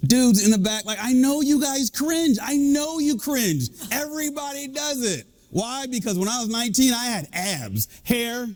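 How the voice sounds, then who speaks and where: Lively joking man giving a talk. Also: very high voice, normal speed, hardly any pauses. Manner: lively, joking, animated delivery. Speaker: executive coach and leadership speaker. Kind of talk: live talk to an audience.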